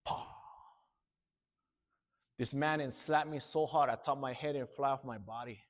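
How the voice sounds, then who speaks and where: A man's voice: medium pitch, fairly even intonation, measured pace. A man telling his life story to students in a plain-spoken, earnest way. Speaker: motivational speaker. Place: school.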